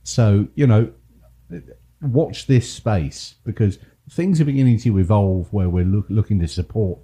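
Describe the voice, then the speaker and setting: A man's voice: lowish voice, a little slow, mellow. A man with an English accent co-hosting a podcast, talking casually, teasing his co-host and laughing often. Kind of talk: casual chat.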